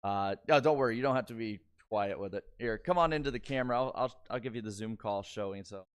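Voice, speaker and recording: Guy hosting a live stream, smooth clear voice, rambly and laid back, lots of uhs. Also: on the low side, quick pace. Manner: rambling, easygoing, many fillers. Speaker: livestream host. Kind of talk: casual post-race livestream chat.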